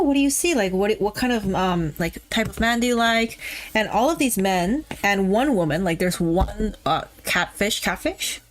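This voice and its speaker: A woman VTuber streaming casually while a little tipsy, rambling off topic, swearing and laughing. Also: mid-range voice. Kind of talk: casual livestream chat.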